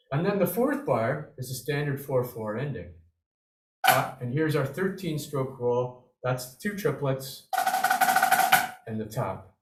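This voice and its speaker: An upbeat man teaches snare drumming over a video call, encouraging and vocalizing the rhythms aloud. His mid-pitched voice sounds roomy and a little distant from the mic. Faint drumming sits behind him. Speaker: drumming instructor. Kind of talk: online drum lesson.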